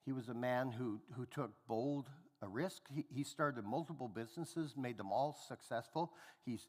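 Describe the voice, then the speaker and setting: A man's voice: medium pitch, long reverb tail. A man preaching a sermon, telling family stories and acting out the voices of the people in them. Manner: animated storyteller acting out family dialogue. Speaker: pastor. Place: church hall.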